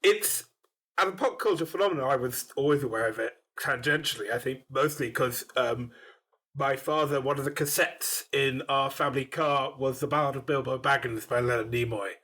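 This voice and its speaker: A man's voice: medium pitch, normal speed, fairly bright tone. A man from England, a podcast guest chatting in a wry, rambling way. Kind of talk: casual interview chat.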